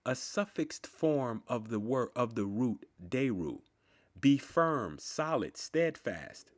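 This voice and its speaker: A man reading dictionary entries aloud in a slow, deliberate, word-by-word recitation. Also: mid-range voice. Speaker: channel host.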